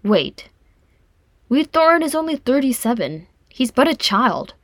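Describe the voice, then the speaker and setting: A woman's voice: sits high, very animated, measured pace, dry recording, voice pushed up. A woman reading a proud young male dwarf prince aloud, with a dry, wry delivery in a dry, close recording. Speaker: reader voicing a character. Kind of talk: audiobook fan fiction reading.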